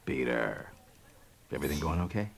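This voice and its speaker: An actor playing a kindly, reassuring newspaper editor in a video game, with a deep voice. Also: male voice, moderate pace, gravelly, slight background noise, exaggerated voice. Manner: warm, reassuring, calm.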